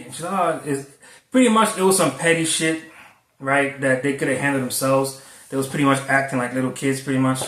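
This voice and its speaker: A man's voice: mid-range voice, a bit bright, far from the mic. A man, a food delivery driver, telling a story in a rambling, conversational way with frequent cursing. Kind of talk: casual storytelling vlog. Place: Florida. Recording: echoey, from away from the mic.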